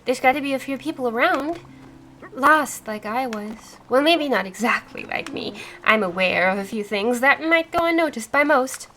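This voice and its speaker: Woman as a deer-spirit woman, wistful, confiding, gentle, bright, high. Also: animated, moderate pace, slight background noise. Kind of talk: reading game dialogue aloud.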